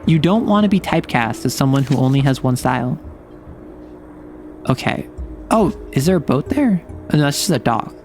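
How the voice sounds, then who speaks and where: Soft music plays behind a slightly mellow, mid-range male voice with lively intonation at an ordinary pace. He's streaming a game and narrating it playfully, meeting every moment with over-the-top reactions.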